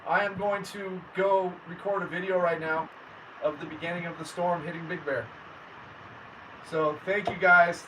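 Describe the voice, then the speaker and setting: A man's voice: sits high, little pitch movement, normal speed. Chatty man streaming, mic off a bit. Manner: friendly, chatty, addresses viewers by name. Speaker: livestream host. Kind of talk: casual livestream chat reading comments. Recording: distant mic with faint background noise.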